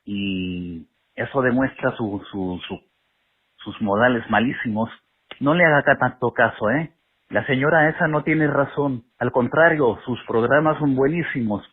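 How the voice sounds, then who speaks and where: A man calling in to a show by phone, courteous and halting, with frequent fillers. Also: medium pitch, breathy edge. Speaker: caller. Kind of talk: phone call-in. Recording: tinny phone line.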